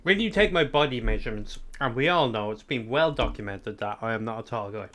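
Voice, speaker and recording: A man's voice: medium pitch, lively intonation, a little fast, pushed and bright. A man with an Irish accent chatting casually to his live chat, rambling and swearing freely, sometimes eating sweets as he talks. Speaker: streamer.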